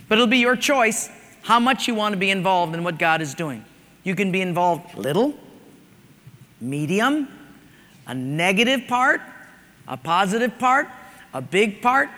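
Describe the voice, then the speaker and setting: A man's voice: high-pitched, pushed and bright. A man preaching a sermon in a church, talking conversationally and telling stories. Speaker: pastor. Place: church sanctuary. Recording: large hall with long reverb.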